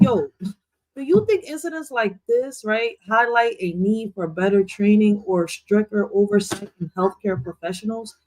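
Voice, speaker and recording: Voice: mid-range voice, a bit bright, rough recording. A host rambles in casual reaction commentary, using slang and restarting sentences often.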